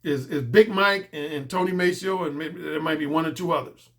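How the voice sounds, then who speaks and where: Middle-aged guy ranting blunt and repetitive, high-ish voice, coach giving his take. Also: fairly quick, a bit bright. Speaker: dating coach. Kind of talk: solo commentary monologue.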